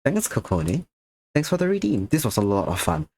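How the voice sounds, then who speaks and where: A man's voice: mid-range voice, wildly swooping pitch, normal speed, a little mellow, slightly rough. A tired man chatting to viewers during an art stream, a little sick, drowsy and slurring slightly. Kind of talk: casual stream chat while drawing.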